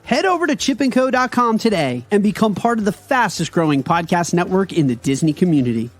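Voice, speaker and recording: A man's voice: sits high, animated, a little fast, faint music behind. A man reading a scripted podcast promo in an upbeat, salesy way.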